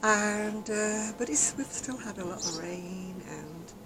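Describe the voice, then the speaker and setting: A woman's voice: medium pitch, slow, background noise. An English woman vlogging about her crochet in casual, rambling chat, laughing often as she tells stories, recorded outdoors on a garden deck. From England. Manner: chatty, rambling storyteller who laughs often.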